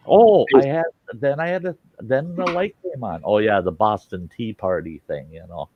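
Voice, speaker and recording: A man's voice: mid-range voice, moderate pace, few pauses, lo-fi sound, slight background noise. A man hosting a casual live stream, telling folksy road stories and acting out the people in them. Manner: folksy, animated quoting of people. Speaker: host.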